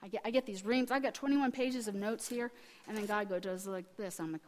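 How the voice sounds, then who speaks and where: A middle-aged woman preaches with a fairly high voice, telling family stories and animatedly acting out the people in them. Her sermon rings with the long reverb of a large hall. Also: fairly quick. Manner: animated storytelling, acting out quotes with restarts.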